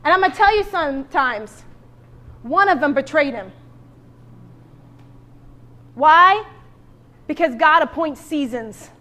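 A woman pastor preaching a sermon with animated asides and calls to the congregation. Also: high voice, slow pace, long pauses.

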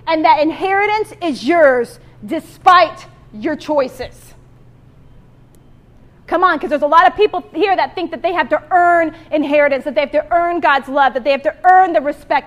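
A young woman with a very high voice preaches a sermon and reads scripture aloud. She speaks with strong emotion, and her voice swells and softens as she goes. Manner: emotional, exclamatory, rises and drops in loudness.

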